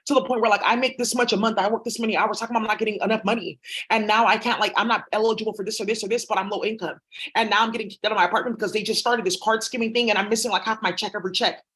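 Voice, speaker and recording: A woman's voice: medium pitch, fairly even intonation, racing, a bit bright. A woman vlogger talking in a rambling, blunt, profane monologue. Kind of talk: casual monologue.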